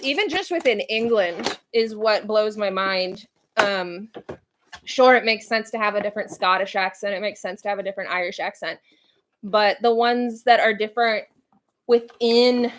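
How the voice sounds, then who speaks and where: A woman from Central Virginia hosting a home livestream, chatting casually with viewers and reading their comments aloud. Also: medium pitch. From Central Virginia, United States. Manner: chatty, musing, reads chat aloud. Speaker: livestream host. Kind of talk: casual chat with live viewers.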